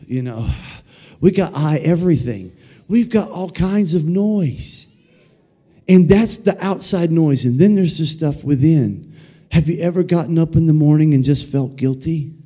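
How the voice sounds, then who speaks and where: A man preaching in a church sanctuary, animated and playful, often calling on the congregation to repeat his words. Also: mid-range voice, husky. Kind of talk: energetic sermon with call-and-response.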